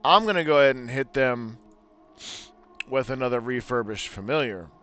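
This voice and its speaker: A man's voice: medium pitch, lively intonation, moderate pace, fairly bright tone, soft background music. A man casually commentating a card game, joking around and laughing at his own bits. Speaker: gameplay commentator.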